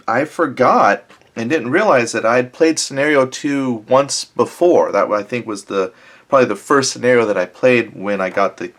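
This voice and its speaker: A man hosting a casual board game let's-play, speaking in an ordinary middle-pitched voice. He thinks aloud, circles back to fix his own sentences, and drops wry, self-deprecating asides as he tours the maps. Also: a bit bright. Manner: chatty, thinking aloud with many self-corrections. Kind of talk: casual tabletop game walkthrough.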